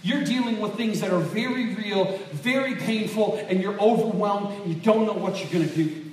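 A man preaching a sermon in a church, animated and conversational, often asking the congregation to agree. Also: high voice, normal speed, slight background noise. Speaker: pastor. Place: church sanctuary. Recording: echoey room from far off.

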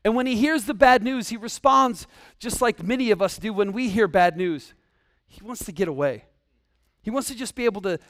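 High-voiced man preaching casually. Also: fairly bright tone, clean tone, no echo. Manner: casual, humorous preaching with slang asides. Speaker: pastor. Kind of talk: sermon.

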